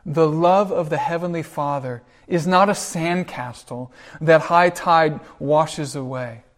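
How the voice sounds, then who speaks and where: Guy preaching a sermon, earnest, tells stories, kinda high voice, slows down on big lines. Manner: earnest storytelling, slows on key phrases. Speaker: pastor.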